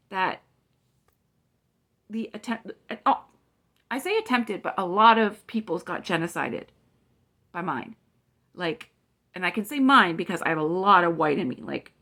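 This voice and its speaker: A woman in her forties vents straight to camera in a fiery, profane rant. Her voice sits at a middling pitch, and she speaks bluntly and with open indignation. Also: a bit bright. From Canada. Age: 40s. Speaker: vlogger. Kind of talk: heated political rant to camera.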